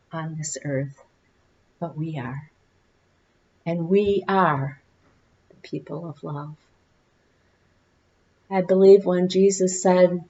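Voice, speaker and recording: A woman minister giving an Easter sermon, telling stories with slow, deliberate phrasing and dramatic pauses, in a church. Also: lowish voice, a little mellow, muffled recording. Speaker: guest minister. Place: church sanctuary.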